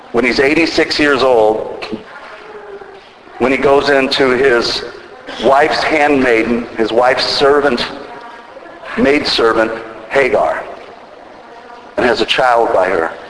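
A man's voice: medium pitch, a bit bright. Man preaching in an echoing hall. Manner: measured preaching with rising emphatic peaks. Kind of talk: sermon. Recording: echoey hall, faint background noise.

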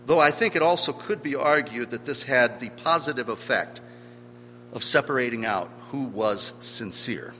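A man's voice: mid-range voice, moderate pace, pushed and bright. A man preaching a sermon, emphatic, stressing key words by swelling in volume. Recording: long hall reverb with faint hum.

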